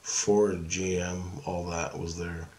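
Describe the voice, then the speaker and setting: A man's voice: deep voice, little pitch movement, takes it slowly, darkish tone, slight background noise. A man casually telling about a dream in a rambling way, swearing and restarting his sentences often. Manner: rambling, profane, with many restarts.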